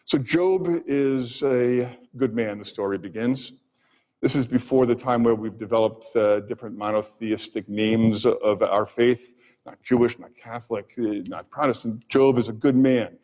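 Male physician lecturer, expressive storyteller, lo-fi recording in a reverberant hall. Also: mid-range voice. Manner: expressive, pausing for effect. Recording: dull audio with long hall reverb.

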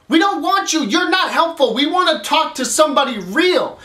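A man's voice: very high voice, big pitch swings, moderate pace, bright, forceful tone. A man hosting a comedic rant vlog, exasperated and swearing as he complains. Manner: exasperated, profane ranting. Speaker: vlog host. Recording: roomy echo.

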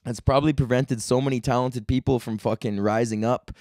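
A man's voice: medium pitch, steady tone, fairly quick, a little mellow, no room sound. Chill young dude ranting on his podcast, swears a lot, says man and bro constantly, dry close mic. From Canada. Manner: laid-back, profane, slangy, rambling with frequent "man" and "bro". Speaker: comedy podcast host. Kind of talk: casual solo rant.

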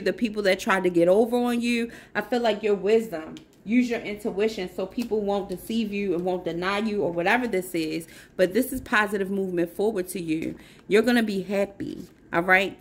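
Effusive, encouraging woman tarot reader. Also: medium pitch. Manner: effusive, encouraging, repeats herself for emphasis. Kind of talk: casual spiritual tarot reading.

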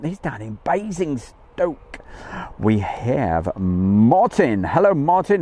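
A man's voice: medium pitch, sing-song, takes it slowly, warm tone. A man hosting a live stream outdoors from a campsite field, chatting in a jokey way and greeting viewers by name. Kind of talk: casual live-stream chat.

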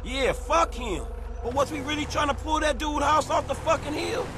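A man playing an excitable young street hustler in a video game, full of slang and cursing. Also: very high voice, normal speed, noisy background. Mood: wry. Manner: slangy, hyped, cursing freely.

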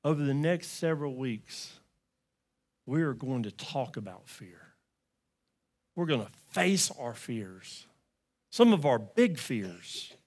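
A man preaching a sermon as pastor, telling stories and rising to loud pleading cries. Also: medium pitch, big pitch swings, slow, pauses often. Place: church.

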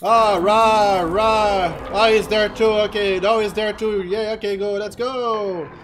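A young man playing a horror game who talks loudly, gets frustrated, and yells and swears at what is on screen. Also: sits high, fairly even intonation, normal speed, background noise. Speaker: let's play gamer. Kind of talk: loud horror game commentary.

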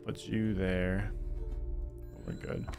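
A low-voiced man with a gravelly edge runs casual commentary on a game stream. He thinks aloud, reacts excitedly and chats with his viewers, with clear music playing behind him. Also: drawn-out words.

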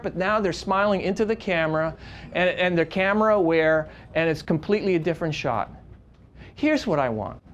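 A man's voice: high voice, slight background noise. Passionate man teaching a workshop. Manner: passionate, emphatic storyteller. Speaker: wedding photographer teaching a workshop. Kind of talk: live workshop talk. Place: room with an audience.

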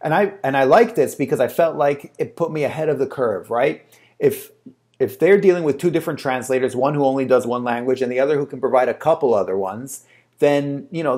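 A man talks straight to his camera in a loose, chatty way, telling a story from his working life. He leans on fillers and restarts as he goes. His voice sits at an ordinary middle pitch. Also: fairly quick, a little mellow. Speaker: translator and agency owner. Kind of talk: casual talk to camera.

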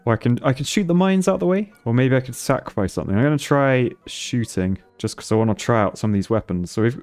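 A man's voice: medium pitch, a little mellow. A man commentating his gameplay on a stream, thinking aloud and laughing often.

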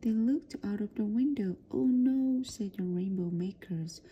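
A woman reading a children's storybook aloud for practice, softly and often in a whisper. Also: mid-range voice, normal speed, husky, highs cut off. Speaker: reader.

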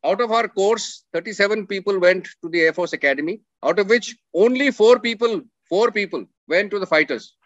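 A middle-aged man tells a story in an earnest, emphatic way and repeats his words for weight. His voice sits high for a man. The sound is dry and a little dull. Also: a little fast, few pauses, a bit bright, dry recording. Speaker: speaker telling a coursemate's story. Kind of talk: storytelling talk with slides.

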